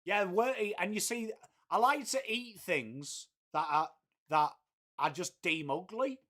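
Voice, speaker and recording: A man's voice: high-pitched, animated, slow, sharp tone. A man hosting a casual live stream, bantering with viewers and saying "mate" all the time. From England, Whitby. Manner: laddish banter, peppered with "mate", swears freely. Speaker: livestream host. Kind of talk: casual live watchalong chat, reading viewer messages.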